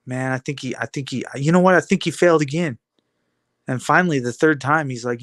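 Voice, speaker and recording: A man's voice: a little high, a little fast, a bit bright, no room sound. Defiant man with a raised voice. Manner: taunting, rhetorical questions, repetitive. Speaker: video blogger. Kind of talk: defiant motivational monologue.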